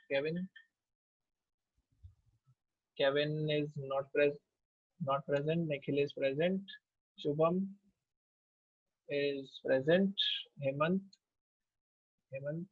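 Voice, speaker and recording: Indian male instructor, slightly raised pitch, dry and lo-fi sound, runs an online class roll call. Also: no room sound. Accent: Indian English. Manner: takes attendance name by name, with fillers. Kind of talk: online class, mixing Hindi and English.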